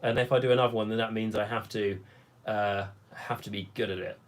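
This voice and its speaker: Worn and hoarse from hours of streaming, a young man with a lower voice and fairly flat intonation rambles easily through his hobby livestream, reading comments aloud. A faint hiss or hum sits in the audio.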